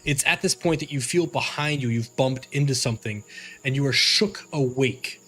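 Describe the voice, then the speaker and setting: A man's voice: mid-range voice, moderate pace, sharp tone, slightly rough. A man narrating as game master for a tabletop game, rambling with fillers and restarts.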